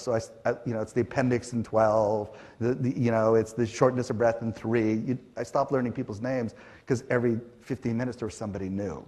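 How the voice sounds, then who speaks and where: Animated storytelling man from Canada. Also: medium pitch. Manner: animated, acts out quotes, frequent fillers. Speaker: panel guest. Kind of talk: conversational storytelling on stage.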